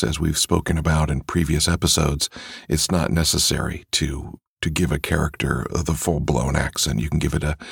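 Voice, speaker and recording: Very deep husky man with a cold. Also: no echo, studio quality. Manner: relaxed, musing, many fillers. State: has a cold. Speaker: audiobook narrator. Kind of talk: casual podcast talk.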